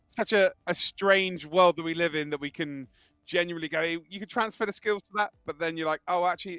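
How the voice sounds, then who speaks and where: A man's voice: on the high side, bright, forceful tone, clear, resonant tone, no room sound. A man co-commentating an esports broadcast, loose and rambling, laughing between thoughts.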